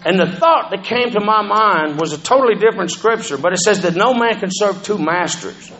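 Profane storytelling man, higher voice. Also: lively intonation, a little fast, bright, forceful tone, slight background noise, rough recording. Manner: profane, conversational, keeps asking "you know what I'm saying". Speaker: speaker sharing his recovery story. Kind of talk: personal testimony, storytelling.

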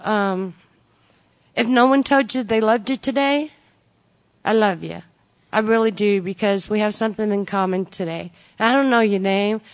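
A woman sharing her recovery story with a group. She speaks in a folksy, joking way. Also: mid-range voice. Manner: folksy and joking, with frequent "you know" and "y'all". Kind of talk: personal testimony to a recovery group.

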